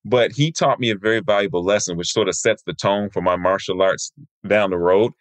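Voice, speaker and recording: A lower-pitched man in his fifties, a martial arts teacher from Michigan, tells long personal stories as a podcast guest. He slips into other people's voices when he quotes them. The recording is close and dry, with no room sound. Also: brisk, no room sound. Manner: lively storyteller who acts out quoted people. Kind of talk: interview guest storytelling.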